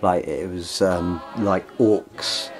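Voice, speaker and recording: A man's voice: deep voice, fairly even intonation, slow pace. A man co-hosting a comic show, ending nearly every line with "mate". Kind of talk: comic banter. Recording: loud music behind.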